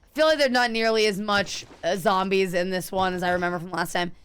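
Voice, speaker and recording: A woman's voice: mid-range voice, fairly even intonation, fairly quick, smooth. A young woman streaming a game, chatting casually and answering her viewers as she plays. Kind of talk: casual live-stream chat while gaming.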